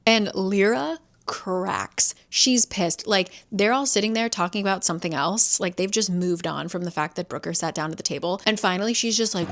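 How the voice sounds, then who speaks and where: A woman's voice: medium pitch, expressive, moderate pace, fairly bright tone. A woman casually recapping a novel's plot, chatty and swearing as she voices its characters. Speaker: book reviewer.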